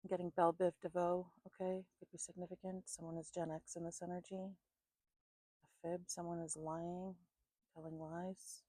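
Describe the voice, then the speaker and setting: A woman doing an intuitive psychic reading at home, calmly listing names and places she picks up, thinking aloud and a bit sleepy. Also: on the low side, moderate pace, dry recording, poor audio. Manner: calm, repetitive, thinking aloud. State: sleepy, yawning. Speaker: psychic reader.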